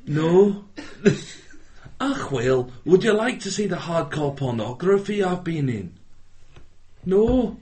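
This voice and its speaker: A man's voice: high voice, sing-song, slow pace, long pauses, darkish tone. A man with an Essex English accent co-hosting a podcast, rambling with crude, mock-formal jokes. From England. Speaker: podcast co-host. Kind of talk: joking banter among friends.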